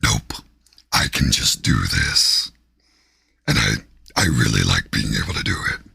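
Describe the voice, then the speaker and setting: A man voicing a deep, growling male demon that speaks slowly and teases in a playfully threatening way. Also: big pitch swings, bright, forceful tone, heavily acted. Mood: teasing, menacing. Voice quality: gravelly, cavernous low growl. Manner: slow, teasing, playfully threatening. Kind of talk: live-stream character voice.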